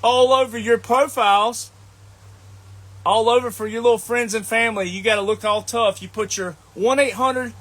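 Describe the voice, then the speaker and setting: A man's voice: high voice, a bit bright. A man with a Southern US accent delivering a scolding, combative monologue as an online commentator, repeating his points. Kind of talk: ranting monologue to camera.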